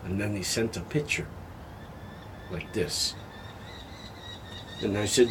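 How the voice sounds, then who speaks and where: An older man talking candidly in a personal vlog, halting and heartfelt, sounding tired and emotional. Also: fairly low pitch, slight background noise. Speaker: health vlogger.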